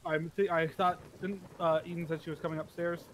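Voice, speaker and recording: A man's voice: on the high side, flat delivery, brisk, fairly bright tone, a little hiss or hum. A man playing a tabletop game, joking around playfully and laughing often. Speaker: player. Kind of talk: casual tabletop play.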